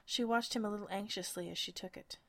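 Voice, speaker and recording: Woman, whispered storytelling, soft, hushed, medium pitch. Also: steady tone, fast talker. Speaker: narrator.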